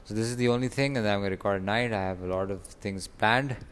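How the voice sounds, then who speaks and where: Outdoors away from home, a young man with stomach pain records a rambling, frustrated casual vlog on a phone recording app, stopping now and then to groan. His lowish voice is clear and resonant, and he talks quickly.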